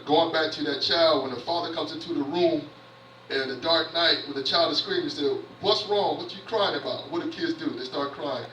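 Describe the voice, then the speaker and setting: Forceful preacher heard far off in a roomy church. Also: male voice, a little high, fairly even intonation, a little fast, a little hiss or hum. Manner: reads scripture aloud then paraphrases it conversationally. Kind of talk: sermon. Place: church sanctuary. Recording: roomy church audio picked up from afar.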